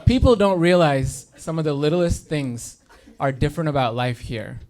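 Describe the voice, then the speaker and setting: A man in his thirties from India doing a stand-up set on stage in a comedy theater, speaking in a dry, deadpan way and pausing for punchlines. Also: fairly high pitch, crowd noise. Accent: neutral American-sounding. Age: 30s. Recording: live room with audience noise. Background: audience laughter.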